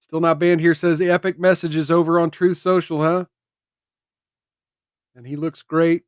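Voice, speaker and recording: On his own show, a high-pitched man offers casual political commentary at a measured pace, his tone level, clear and resonant. Emphatic bursts give way to hushed, emotional asides. The sound is dry and close, with no echo.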